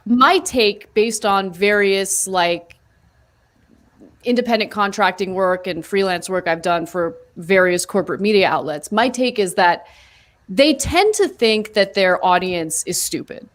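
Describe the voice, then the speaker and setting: This is an emphatic woman co-hosting a political discussion. She talks casually but argues with conviction, in a voice of middle pitch that rises when she pushes a point. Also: a little slow, fairly bright tone. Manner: emphatic, argumentative. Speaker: co-host.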